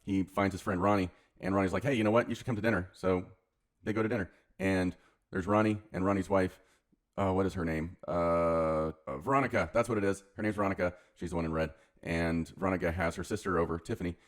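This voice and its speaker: Fast-talking deep-voiced man recapping a film. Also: steady tone. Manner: rambling, offhand, slangy narration. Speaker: channel host retelling a film. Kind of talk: casual comedic film recap.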